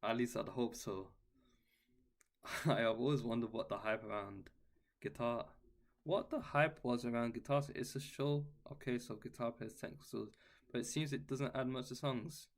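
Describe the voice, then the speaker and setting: A man's voice: mid-range voice, normal speed, creaky. A man, a guitar teacher, answering chat questions in a casual livestream, laid-back and saying "bro" and "man" a lot.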